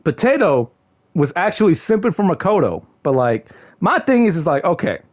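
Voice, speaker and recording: Young streamer guy with a high, bouncy voice, slangy and excitable, prone to yelling. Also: moderate pace. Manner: excitable, shouts in mock frustration, slangy with lots of "bro". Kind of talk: casual livestream chat to viewers.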